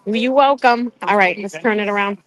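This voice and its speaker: A woman's voice: mid-range voice, moderate pace. A woman live streaming by phone outside a courthouse, chatty, greeting viewers by name and swearing casually. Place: outdoors at a courthouse.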